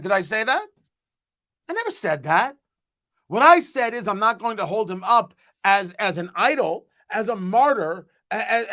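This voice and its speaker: Male host, casual stream talk, high pitched and animated, punchy and emphatic. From US East Coast. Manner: animated, emphatic, repeats words. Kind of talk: casual live-stream chat.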